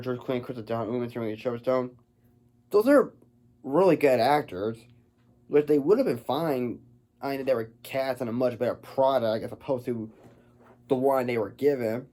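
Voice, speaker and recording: A man's voice: mid-range voice, moderate pace, mellow. A man giving a casual film review, rambling and stumbling over his words.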